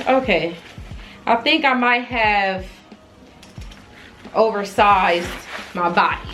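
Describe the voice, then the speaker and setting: Expressive young woman vlogger, faint music. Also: on the high side, measured pace, low-quality recording. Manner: expressive, exclaiming, frustrated, chatty with viewers. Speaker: fashion vlogger. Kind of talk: casual try-on haul chat.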